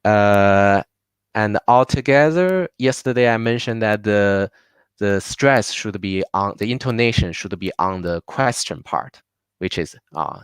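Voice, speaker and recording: A man leads a live online language lesson at an unhurried pace. His voice is smooth and a little low, and he patiently repeats each word for his learners. The sound is dry and close to the mic. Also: animated, no echo. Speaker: language teacher.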